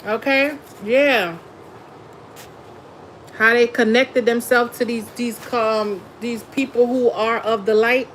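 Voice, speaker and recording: Woman tarot reader, slow and drawn out, slangy live-stream chat, quick to laugh. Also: fairly high pitch, steady tone, fairly bright tone, a little hiss or hum, rough recording. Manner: chatty, laughs often, slangy and blunt. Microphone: phone or webcam on a live stream.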